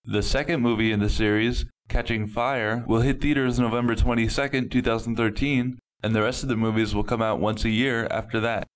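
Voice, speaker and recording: A man reporting scripted news stories with a plain, steady delivery. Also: mid-range voice, brisk, hardly any pauses, low-quality recording.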